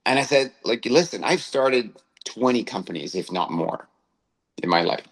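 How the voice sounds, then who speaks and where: A man's voice: mid-range voice, animated, moderate pace, fairly bright tone, poor audio. A male co-host telling a personal story in casual chat, often tagging phrases with "right?". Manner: anecdotal, tags phrases with "right?".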